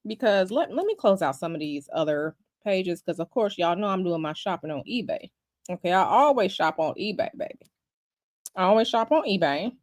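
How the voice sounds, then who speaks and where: A woman's voice: mid-range voice, lively intonation, normal speed, dry recording, studio quality. A woman hosting a casual livestream, chatty and sassy, calling her viewers y'all and baby. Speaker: livestream host.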